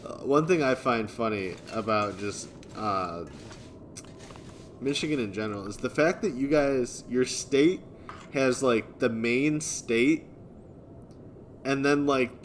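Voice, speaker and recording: A man live-streaming, reading and answering viewer chat in a relaxed way, chuckling often. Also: mid-range voice, a little hiss or hum. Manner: laid-back, chuckling often, thanking viewers.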